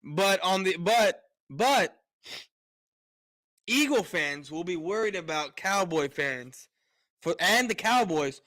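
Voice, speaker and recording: A man's voice: sits high, animated, slow, pauses often, pushed and bright, dry recording. A man ranting on a casual sports live stream, fired up, repeating words and restarting his sentences often.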